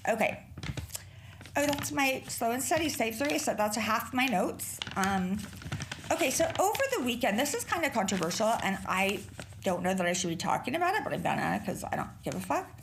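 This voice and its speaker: A middle-aged woman hosts a casual podcast on her own and rambles from story to story with plenty of swearing. Her voice sits a little high and swings widely up and down as she talks. She sounds chatty and unfiltered. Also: a little fast, noisy background. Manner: profane, rambling and animated. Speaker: podcast host. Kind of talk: casual solo podcast chat.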